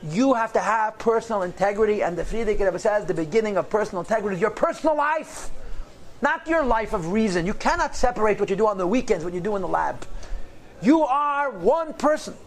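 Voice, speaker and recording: Male rabbi, teaching a class; high-pitched man's voice, emphatic and driven, drops in Hebrew and Yiddish words. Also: lively intonation, fast, a little hiss or hum. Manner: emphatic, passionate, punchy repeated phrases; mixes in Hebrew and Yiddish terms. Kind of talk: lecture on Jewish texts.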